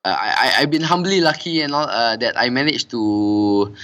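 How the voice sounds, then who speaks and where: A middle-aged man speaks as an interview guest. His voice is bright and forceful at an ordinary pitch. He pauses often on "uh" and tags his phrases with "and all". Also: dull audio. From Singapore. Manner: hesitant, many fillers and "and all" tags. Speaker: interview guest, company director. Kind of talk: casual interview conversation.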